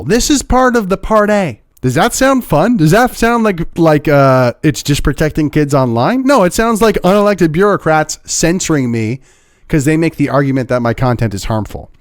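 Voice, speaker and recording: Sarcastic man, fairly high voice. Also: lively intonation, normal speed, no room sound, clean studio sound. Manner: sarcastic, mocking. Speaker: political commentator. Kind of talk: opinionated video commentary.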